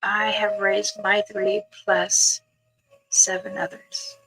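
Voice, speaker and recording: An older woman talking casually with viewers on a live stream, in a gentle, wandering way, with soft words that trail off. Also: medium pitch, flat delivery, slow, breathy edge, rough recording. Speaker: livestream host answering viewers. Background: music playing in the background.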